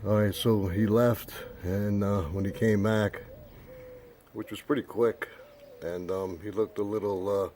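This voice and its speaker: An older man telling a rambling personal anecdote with many pauses. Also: on the low side, flat delivery, dark tone, slight background noise. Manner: rambling, many fillers and restarts. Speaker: storyteller.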